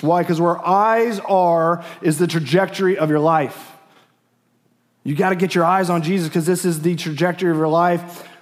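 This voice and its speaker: Male pastor, middle-aged, earnest sermon, slightly high voice, repeats himself. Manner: earnest, repetitive, with restarts and laughs. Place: church sanctuary.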